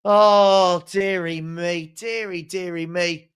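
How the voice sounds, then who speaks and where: A man hosts a fan watchalong, calling the match play by play. He talks slowly and drawls his words. He sounds sarcastic and fed up, and he laughs ruefully at his own team. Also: sits high, steady tone, fairly bright tone, smooth. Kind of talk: live match commentary from a fan.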